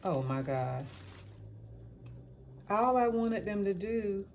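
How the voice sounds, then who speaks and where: A woman's voice: mid-range voice, animated, slow, a little mellow, a little hiss or hum. A woman vlogging casually as she cooks in her home kitchen. She rambles as she talks and repeats words for emphasis. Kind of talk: casual cooking vlog chat.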